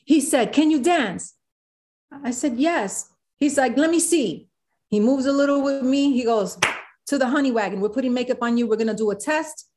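A woman, a guest in an interview, telling a story with animated quoted voices. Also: high-pitched, moderate pace, noisy background. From South Bronx, New York. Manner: animated, acts out quotes of others.

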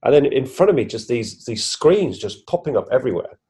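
A man's voice: medium pitch, very animated, fairly quick, warm tone, breathy edge. A man, a podcast guest animatedly retelling a personal experience, acting out his own reactions with frequent restarts. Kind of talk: casual first-person storytelling.

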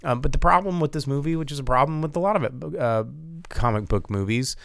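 A podcast co-host talks fast in a creaky, fairly bright mid-range voice, recorded clean in the studio with no room sound. He chats casually and slightly profanely about a film he saw, rambling and restarting amid lots of fillers.

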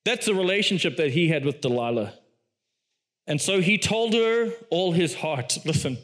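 A male preacher with a high voice tells a story in an animated sermon. He acts out quoted lines with big jumps in pitch and laughs often as he goes along. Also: moderate pace. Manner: laughs often while speaking.

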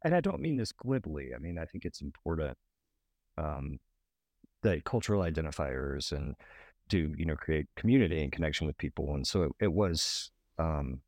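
A man's voice: rumbling low, expressive, a little mellow, no echo, studio quality. A man from Alabama, a documentary director, talking thoughtfully in an interview with many restarts. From Birmingham, Alabama. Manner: thoughtful, halting, restarts often. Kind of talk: casual interview talk.

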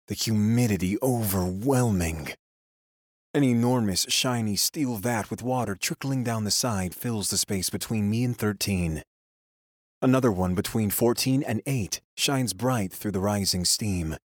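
A man with a low, husky voice narrates a first-person story from a script. His telling is steady, grim and measured. The recording is dry and close, with no room sound. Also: no echo.

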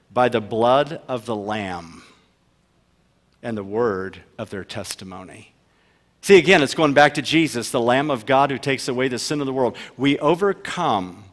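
A man preaching a sermon as pastor, emphatic, asking rhetorical questions and swinging between loud and soft delivery. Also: medium pitch. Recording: long reverb of a large hall.

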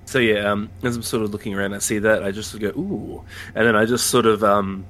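A man's voice: on the low side, little pitch movement, quick pace, a bit bright. A man playing a tabletop role-playing game, describing his moves hesitantly with many fillers. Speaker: player. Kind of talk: casual tabletop play.

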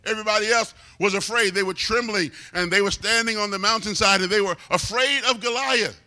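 A man's voice: high-pitched, brisk, bright, forceful tone. A man preaching a sermon, emphatic and stretching out key words for weight.

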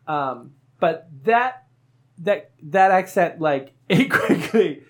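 A woman hosting a podcast, chatting and laughing with friends in a rambling, animated way. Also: low-pitched, drawn-out words. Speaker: podcast host. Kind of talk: casual chat with friends.

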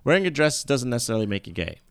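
A man co-hosting a casual podcast chat, blunt and quick to laugh. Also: mid-range voice, big pitch swings, clean tone, no echo, clean studio sound. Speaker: podcast co-host.

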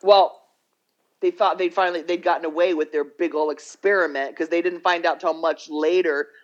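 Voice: medium pitch, steady tone, normal speed, dull audio. A podcast co-host chatting casually, rambling through a story, acting out the quotes and swearing freely. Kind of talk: casual chat, retelling a documentary.

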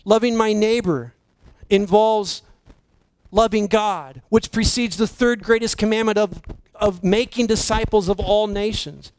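A man delivers a sermon in a fairly high, light voice. The sound is dry and close, with no room around it. He preaches slowly and emphatically, sinking almost to a hush on the points he wants to land. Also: smooth, no echo, rough recording. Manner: slow, emphatic preaching with dramatic drops to near-whisper. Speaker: pastor.

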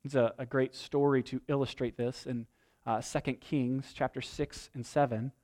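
A man preaching a sermon, retelling a scripture story in an animated, storytelling way, building to emphatic peaks. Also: medium pitch, moderate pace. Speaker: pastor.

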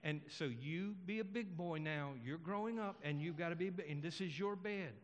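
A preacher voicing a mother calmly reassuring her frightened child at bedtime. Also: a little high, normal speed, dull audio, close to an everyday voice. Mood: firm. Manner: calm, firm, reassuring. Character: patient mother soothing a scared child. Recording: long hall reverb.

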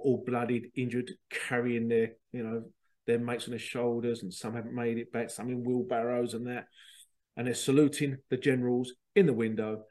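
Man, middle-aged, podcast host, rambling casual monologue, average pitch. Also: darkish tone. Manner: chatty, rambling, acts out quotes.

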